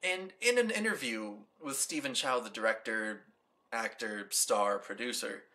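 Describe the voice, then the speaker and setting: A man's voice: medium pitch, a little slow, sharp tone. A young man from the United States hosts a casual movie review show. He talks with enthusiasm and rambles, with many repeated "like"s and restarts. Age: young adult. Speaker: host of a movie review channel.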